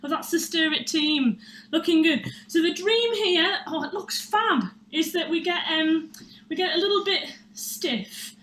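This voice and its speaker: A woman's voice: extremely high pitch, unhurried, a bit bright. A chatty, bubbly woman, out of breath, hosting a live baking demonstration from her kitchen. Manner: chatty, bubbly, self-deprecating. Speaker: baking show host. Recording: echoey room with faint noise.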